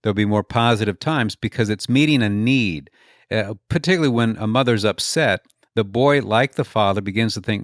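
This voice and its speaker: A man's voice: lowish voice, brisk, no room sound, clean studio sound. A man as an interview guest, an author and speaker explaining his ideas earnestly, often telling stories and repeating words as he builds a point. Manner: earnest, explains through stories and acted-out quotes. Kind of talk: conversational interview answers.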